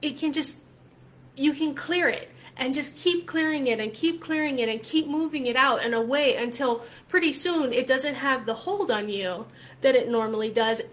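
A woman's voice: high-pitched, expressive, normal speed, fairly bright tone, a little hiss or hum. A woman coach talking casually to her viewers, emphatic and chatty, often tagging her points with "right?" and swearing freely. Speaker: spiritual coach. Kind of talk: casual talk to camera.

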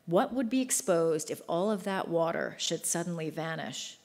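A woman author reads from her own novel in a measured, even way, her fairly low voice carrying through a large hall. The long reverb trails behind each phrase. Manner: measured, literary reading. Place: large book fair venue.

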